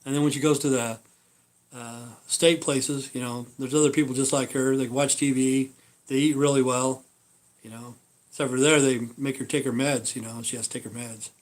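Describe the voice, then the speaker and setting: Guy rambling on his live stream, swears a lot, goes off on tangents, mid-pitched voice. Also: level tone, moderate pace. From Idaho. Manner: profane, meandering storytelling.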